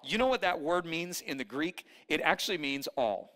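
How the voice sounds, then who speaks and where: A man preaching a sermon at a church service, energetic, calling on the congregation to repeat and shout after him, with playful teasing asides. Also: on the high side, normal speed. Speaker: pastor.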